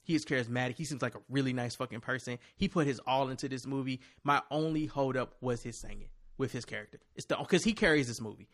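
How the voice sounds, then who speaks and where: A man's voice: medium pitch, quick pace, hardly any pauses, fairly bright tone. A man hosting a casual chat, ranting animatedly and swearing freely.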